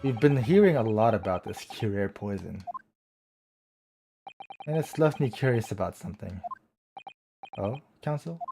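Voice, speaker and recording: A man's voice: lowish voice, moderate pace, vocal fry, pauses often. Male streamer doing all the dialogue voices in a game playthrough; faint game music underneath. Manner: switches between character voices, excitable reactions.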